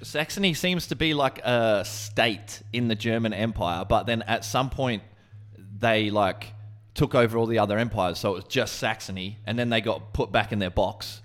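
A man's voice: fairly low pitch, moderate pace, fairly bright tone. A man co-hosting a podcast, chatting casually, rambling and swearing freely. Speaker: podcast co-host.

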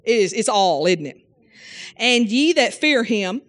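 A woman with a slightly high voice preaches a fervent sermon. Her phrasing is homespun and folksy, with frequent cries of hallelujah and amen, and she asks her listeners questions directly, sometimes calling on them by name. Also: big pitch swings, unhurried, fairly bright tone. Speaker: Bible teacher.

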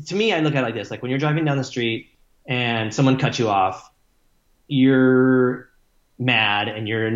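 Guy rambling and cussing in an interview, lots of "like" and "you know", roomy dull-sounding room. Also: medium pitch. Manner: rambling, profane, many fillers like "like" and "you know". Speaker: musician guest. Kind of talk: casual interview talk.

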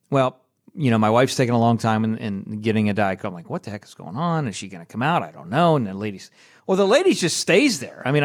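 A man, hosting a show and telling a personal faith story in a casual, chatty way, often checking in with "right?". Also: medium pitch. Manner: chatty and conversational, with tag questions and laughs. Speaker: podcast host.

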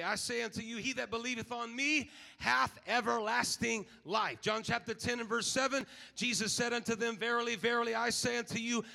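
A man preaching a sermon as pastor, building to shouted, repeated declarations. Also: sits high, gravelly, in a large hall. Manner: preaching, swelling to shouted emphasis and repetition.

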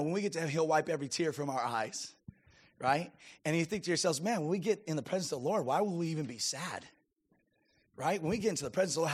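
A man preaching a sermon as a pastor, emphatic and calling out to his congregation. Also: fairly high pitch. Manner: emphatic preaching with audience call-outs.

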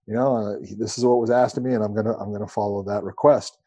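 Male podcast co-host, mellow tone, casual rambling storyteller. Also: fairly low pitch, fast talker. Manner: relaxed, rambling with profanity.

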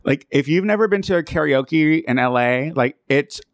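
A man's voice: on the high side, expressive, moderate pace, no echo, studio quality. A man, co-hosting a podcast, playful and teasing, laughing often. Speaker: podcast co-host, drag performer. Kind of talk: casual podcast banter.

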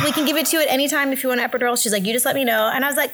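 A young woman telling a story in a casual chat, animated and laughing often, acting out the other people's voices. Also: rapid-fire, hardly any pauses. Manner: animated, acts out voices with big pitch jumps, laughs often. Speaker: guest telling a birth story.

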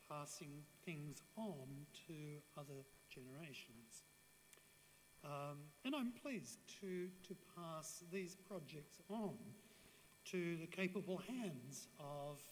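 An older woman giving a farewell university lecture in an earnest, measured way, with frequent restarts. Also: low voice. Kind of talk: public lecture. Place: lecture hall. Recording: reverberant hall with faint background noise.

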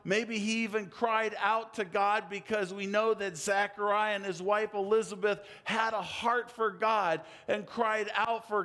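A man preaching a sermon, telling a story dramatically with big swings in pitch and loudness.

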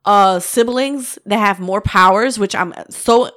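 A woman in a casual podcast chat, reacting quickly and giving her own take. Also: mid-range voice. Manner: quick backchannels, lively reactions.

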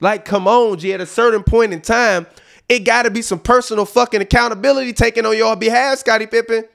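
A man with a high, gravelly voice rants on his sports podcast. He talks emphatically and profanely. His outbursts swing into low, muttered asides. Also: steady tone, a little fast, a bit bright. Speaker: podcast host. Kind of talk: heated sports rant.

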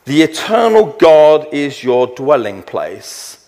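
A middle-aged man preaching a sermon, slowing down to read scripture verses with weight and emphasis. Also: on the high side, sing-song, a little mellow. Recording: long hall reverb.

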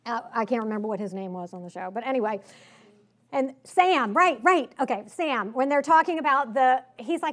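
In a conference hall, a woman delivers a political speech to a live audience in a high voice at normal speed, her slight Southern accent audible. She's emphatic and sarcastic throughout, peppering the talk with rhetorical questions.

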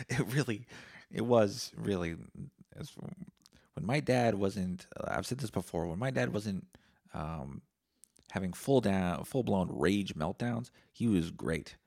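A man's voice: lowish voice, expressive, slow, creaky, a little mellow. A man hosting a casual solo podcast, talking in a profane, sarcastic, rambling way. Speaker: podcast host.

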